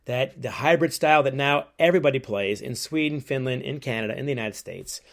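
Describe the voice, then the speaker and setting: Animated male author telling stories. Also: mid-range voice, a little fast, creaky. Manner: lively storyteller who acts out quotes. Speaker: author and guest. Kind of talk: storytelling interview.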